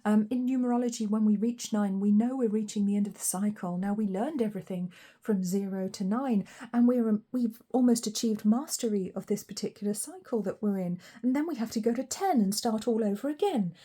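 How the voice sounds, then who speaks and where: Posh English woman, mellow voice, chatty rambling tarot reader. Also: mid-range voice, fairly quick. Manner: chatty, rambling, warm asides with fillers and soft laughs. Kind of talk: casual spoken tarot reading.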